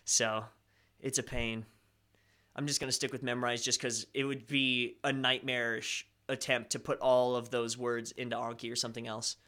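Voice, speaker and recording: Bright-voiced chatty young man streaming. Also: medium pitch, level tone, normal speed. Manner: chatty, self-deprecating, rambling with restarts. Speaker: live stream host. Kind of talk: casual live stream chat, reading comments.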